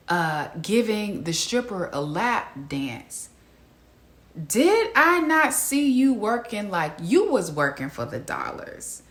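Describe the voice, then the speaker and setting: A woman hosting a casual reality TV recap, talking to viewers in an animated, incredulous way and laughing often. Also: fairly low pitch, slow. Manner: laughs often mid-sentence. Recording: echoey room.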